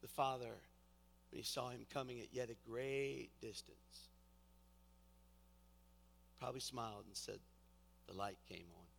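A man preaching a sermon, exhorting with repetition and swinging from hushed, quiet passages to loud emphatic ones. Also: medium pitch, steady tone, a little slow, creaky, pauses often, a little hiss or hum. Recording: reverberant hall with faint music.

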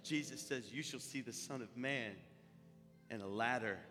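A man delivers a sermon with homespun, fervent warmth of conviction, speaking at an ordinary middle pitch. His words ring out in a sanctuary with a long trailing reverb. Music plays clearly underneath the whole time. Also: normal speed. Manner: fervent, folksy preaching. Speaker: pastor. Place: church sanctuary.

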